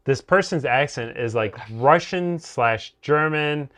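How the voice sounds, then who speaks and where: A man's voice: on the high side, slow pace, fairly bright tone. Rambling man chatting about a series. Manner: rambling, heavy on fillers and restarts. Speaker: co-host of a TV review show. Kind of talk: casual review chat.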